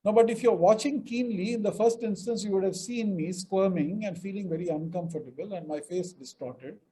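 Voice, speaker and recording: A man's voice: sits high, fairly quick, mellow, a little hiss or hum, low-quality recording. A middle-aged man from India giving a webinar lecture on mediation, stressing words emphatically and acting out example sentences. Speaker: mediation trainer.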